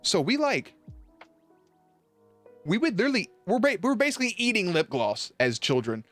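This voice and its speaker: A man's voice: high voice, very animated, normal speed, a bit bright, dry recording, soft background music. A young man streaming live, telling stories to his chat in a casual, profane and laughing way.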